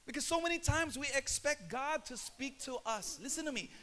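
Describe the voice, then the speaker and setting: A young adult male pastor with a Filipino accent, preaching a passionate sermon that builds to shouts and slips into Tagalog. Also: very high-pitched, animated, fairly quick, slight background noise.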